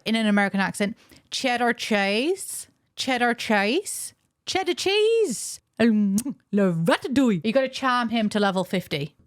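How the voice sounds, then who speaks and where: A woman's voice: fairly low pitch, no room sound, clean studio sound. Chatty woman explaining game lore. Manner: chatty, jokey, playful asides. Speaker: YouTuber.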